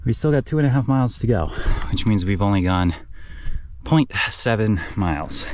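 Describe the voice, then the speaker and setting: A young man talks to his camera on a mountain trail, a little winded and getting over a cold, his voice sitting on the low side. He keeps it easygoing and jokes about himself. Steady outdoor noise runs behind him in the camera audio. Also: normal speed. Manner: easygoing, self-joking. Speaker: van life vlogger. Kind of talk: casual vlog narration while hiking.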